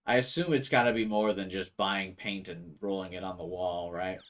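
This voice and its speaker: A man's voice: sits low, steady tone, moderate pace, a bit bright. A young man casually commentating a game and chatting with viewers in a rambling way. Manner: rambling, chatty, talks to chat. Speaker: gaming streamer. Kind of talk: casual let's-play commentary.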